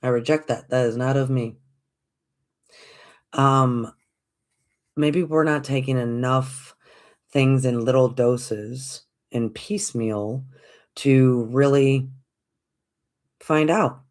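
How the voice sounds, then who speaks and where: Gentle encouraging spiritual podcast host. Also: mid-range voice, fairly even intonation, slow pace, long pauses. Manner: gentle, encouraging, repeats phrases, asks rhetorical questions; addresses listeners as folks. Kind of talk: reflective spiritual talk.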